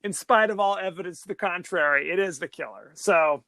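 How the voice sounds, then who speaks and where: A man's voice: sits high, fairly quick, sharp tone, no room sound. A man co-hosting a podcast, chatting casually and jokingly about a horror film, rambling with many restarts. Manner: rambling, jokey, lots of restarts. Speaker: podcast co-host. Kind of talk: casual movie discussion.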